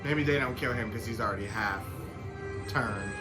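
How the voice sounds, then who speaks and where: A man's voice: fairly low pitch, normal speed. A man reacting to a TV episode, ranting at the screen in exasperation and swearing freely. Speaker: reaction channel co-host. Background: show soundtrack music playing.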